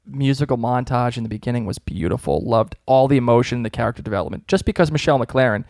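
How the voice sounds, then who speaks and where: A young man with a thick Massachusetts accent chats excitedly as a podcast co-host and laughs easily. His voice sits at a middle pitch. The sound is dry and close. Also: fast, no echo. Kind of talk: casual chat.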